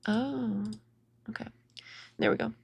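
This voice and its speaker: A woman's voice: fairly high pitch, steady tone, slow pace, gravelly, husky, highs cut off. A young woman hosting a casual commentary video, chatty and mocking, talking over clips with lots of "like" and restarts.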